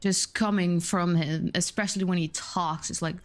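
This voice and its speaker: A woman's voice: fairly low pitch, fairly even intonation, normal speed. Chatty woman game master narrating. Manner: descriptive, chatty, with many fillers. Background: faint music.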